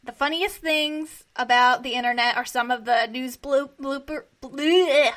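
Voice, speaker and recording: Bright high-voiced woman interviewer. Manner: chatty, quick to react. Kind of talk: casual interview.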